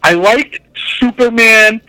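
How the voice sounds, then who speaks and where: A man's voice: very high voice, takes it slowly, pushed and bright, no echo, low-quality recording. A man chatting casually about comics, enthusiastic and rambling, often correcting himself mid-sentence. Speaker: podcast co-host.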